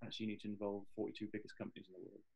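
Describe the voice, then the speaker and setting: A man's voice: fairly low pitch, completely flat delivery, rapid-fire, creaky, mellow, a little hiss or hum, poor audio. A man with an English Midlands accent, a guest on an interview, talking with enthusiastic, rambling energy and frequent restarts. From English Midlands, Staffordshire. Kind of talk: casual interview chat.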